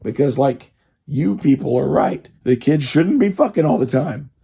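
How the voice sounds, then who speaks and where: Gravelly, husky man ranting casually. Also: mid-range voice, animated, normal speed, dark tone. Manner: profane, meandering, full of fillers. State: strained, hard to talk. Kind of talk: casual rambling monologue.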